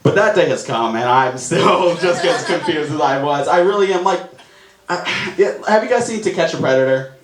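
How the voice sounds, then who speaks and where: A young man performing a self-mocking stand-up routine on a comedy club stage, excitable and quick to laugh at himself, with audience laughter behind him. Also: a little high, a crowd in the background. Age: young adult. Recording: echoey live room, audience noise.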